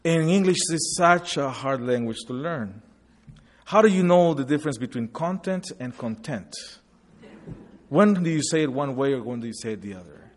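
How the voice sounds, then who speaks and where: A Guatemalan man in his forties, a native Spanish speaker, tells his migration story in a hall, giving a personal testimony with slides. His medium-pitched voice is expressive and moves at a moderate pace, his delivery reflective and earnest. A long hall reverb hangs on the recording.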